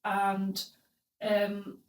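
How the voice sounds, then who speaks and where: A woman's voice: medium pitch, monotone, drawn-out words, far from the mic. A young woman hosting a podcast, telling her story in a blunt, crude, comic way. She sits a little back from the mic, so her voice carries some room echo. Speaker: podcast host. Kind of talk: casual storytelling chat. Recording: roomy, a bit off-mic.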